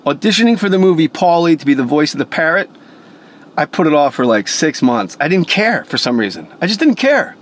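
Brief: male voice actor, punchy and profane storytelling, slightly high voice. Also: sing-song, a little fast. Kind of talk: casual motivational storytelling.

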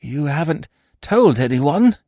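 A man's voice: a little high, very animated, slow pace, mellow, no room sound, studio quality, voice pushed up, heavily acted. A man reading the part of a nervous, guilty middle-aged man who stammers and speaks hastily. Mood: flustered. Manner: stammering, hoarse, hasty.

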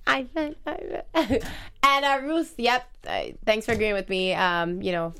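A woman's voice: a little high, fairly even intonation, measured pace, fairly bright tone, clear, resonant tone. A woman co-hosting a casual show, chatting animatedly, laughing often and reading out listener comments. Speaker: podcast host. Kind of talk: casual recap chat.

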